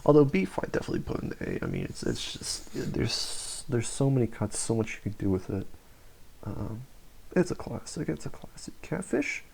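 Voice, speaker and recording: A young man rambles through a casual solo podcast chat, restarting sentences and swearing freely. His voice is gravelly with a mellow, dark tone. He talks loosely, piling up fillers as he goes. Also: on the low side, huge pitch swings, normal speed, a little hiss or hum. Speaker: podcast host.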